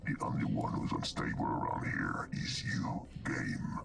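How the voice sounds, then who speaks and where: An actor voicing a mocking, unstable glitch creature in a video game, with a gravelly, sneering way of talking. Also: male voice, unhurried, recorded from a distance, background noise, natural voice. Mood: taunting. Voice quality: gravelly, croaking. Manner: taunting, sneering. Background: game music.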